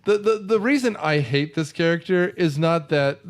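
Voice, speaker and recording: A man co-hosting a casual chat, talking in an animated, rambling way with frequent restarts. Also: on the high side, normal speed. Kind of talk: casual chat, movie discussion.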